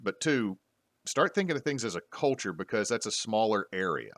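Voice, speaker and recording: Brief: male host, lowish voice, rambling chatty delivery, dry close mic. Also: big pitch swings, normal speed, fairly bright tone, no room sound. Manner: rambling, frequent restarts and fillers. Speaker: podcast host and game master. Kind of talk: casual panel discussion.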